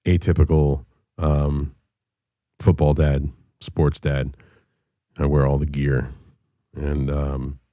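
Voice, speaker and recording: A man in his thirties telling a personal story in a candid, profane way, halting often with fillers. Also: a bass voice, warm tone, dry recording, clean studio sound. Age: 30s.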